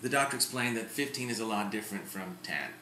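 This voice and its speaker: A man's voice: fairly low pitch, animated, quick pace, a little hiss or hum. A middle-aged man talking candidly to his camera at home in a casual vlog. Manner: chatty and candid, with sudden loud outbursts. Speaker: vlogger. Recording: echoey room.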